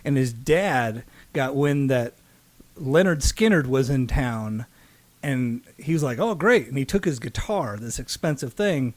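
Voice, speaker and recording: A man co-hosting a casual podcast, telling stories in an animated way and mimicking other people's voices. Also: a little slow, no echo. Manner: animated storyteller, mimics voices with big pitch jumps. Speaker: podcast co-host.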